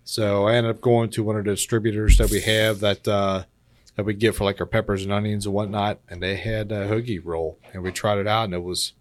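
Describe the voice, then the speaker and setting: A man's voice: on the low side, little pitch movement, brisk, no echo. A man chatting casually as a podcast guest, laid-back, laughing often and tacking "man" onto his sentences. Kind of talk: casual chat.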